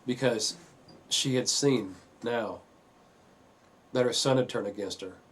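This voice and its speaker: Man telling his own painful story, mid pitch, halting with lots of fillers, bit of hiss behind. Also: fairly bright tone. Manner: earnest, halting, with many fillers. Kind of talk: personal testimony.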